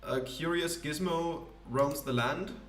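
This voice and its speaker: A flamboyant, self-important vagrant poet holds court in a game voice-over, put on by a man. The voice sits well above a plain speaking pitch and stretches its ornate sentences out grandly. The sound is roomy, as if picked up from a little away from the mic. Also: fairly bright tone, recorded from a distance, faint music behind. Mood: lofty. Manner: grandiloquent, theatrical, drawn-out phrasing.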